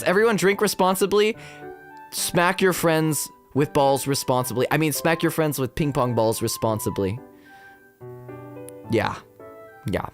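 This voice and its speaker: Animated young man rambling on stream. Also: high voice. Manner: rambling, full of fillers, animated storytelling. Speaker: VTuber streamer. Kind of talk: casual chat stream.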